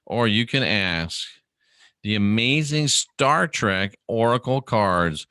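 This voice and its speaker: A man's voice: fairly low pitch, animated, slow pace, bright, forceful tone, smooth, no room sound, studio quality. A man hosting a casual livestream, reading viewer questions aloud and answering them by name in a rambling, chatty way.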